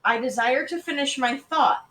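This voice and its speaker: A woman voicing an exasperated father who shouts for quiet in a read-aloud story. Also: sits high, normal speed, echoey room, pitched above the performer's own voice, low-quality recording. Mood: stern. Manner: loud and stern.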